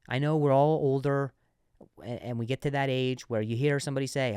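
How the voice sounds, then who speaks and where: A man who stutters, hosting a comedy podcast and telling animated, self-mocking stories. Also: medium pitch, moderate pace, clear, resonant tone, no echo, studio quality. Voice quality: stutter, frequent repeated words. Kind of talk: comedic storytelling.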